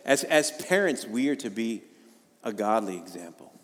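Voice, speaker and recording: A man's voice: lowish voice, very animated, normal speed, big-room sound. A male pastor preaching a sermon in a conversational way, with jokes and rising emphasis.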